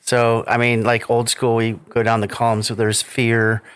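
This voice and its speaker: A man hosting a recovery podcast, chatting casually, joking around and halting with fillers. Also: medium pitch, completely flat delivery, a bit bright, clear, resonant tone. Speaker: podcast host. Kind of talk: casual interview chat.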